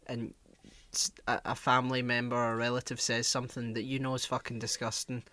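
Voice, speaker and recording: A man's voice: mid-range voice, level tone, brisk, pushed and bright. A man co-hosting a podcast, talking bluntly and swearing in casual chat. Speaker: podcast co-host.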